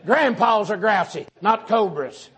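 A middle-aged man with a Southern US accent preaching a sermon in a folksy, joking, animated way. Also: high-pitched, unhurried. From Southern United States.

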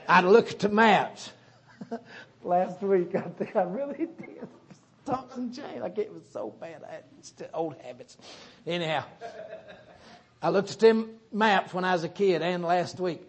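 A middle-aged man with a Southern US accent preaching a sermon in a folksy, joking, animated way. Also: sits high, gravelly. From Southern United States.

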